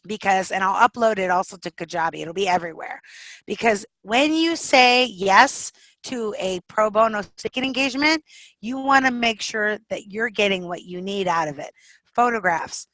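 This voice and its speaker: A middle-aged woman coaching a group over a video call, energetic and encouraging, with frequent laughs. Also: on the high side, dry recording, rough recording. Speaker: speaking coach.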